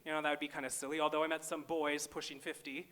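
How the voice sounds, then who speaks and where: A stand-up comedian from small-town Minnesota, a man whose voice sits high and rings bright and sharp. He lands his jokes with wry, self-deprecating timing, performing live on a festival stage into a handheld mic. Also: level tone, quick pace.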